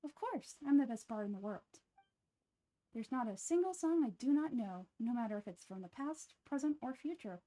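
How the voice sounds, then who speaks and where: A woman's voice: a little high, animated, moderate pace, mellow, lightly acted. A woman voicing cheeky boastful bard boy Venti. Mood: playful boastful. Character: small playful boyish male bard spirit.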